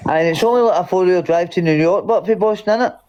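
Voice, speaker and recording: Scottish man, casual chat, rambling, heavy swearing, slightly high voice. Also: fast talker, darkish tone, lo-fi sound. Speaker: chat participant.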